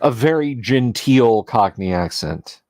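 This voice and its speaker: A man's voice: medium pitch, animated, slow pace, darkish tone, no echo. A man hosting a casual livestream as game master, talking in a rambling, chatty and self-deprecating way, his voice tired from talking all day.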